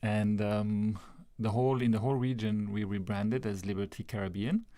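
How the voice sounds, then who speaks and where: A man from Belgium in his forties with a French-speaking accent, a radio studio guest who explains his work in a relaxed way and laughs easily. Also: fairly low pitch, normal speed, no room sound. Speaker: guest, country manager. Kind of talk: radio interview.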